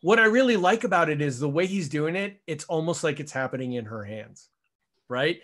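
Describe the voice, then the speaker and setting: A man's voice: on the high side, animated, brisk, fairly bright tone. A man in a casual chat about magic, chatty and joking.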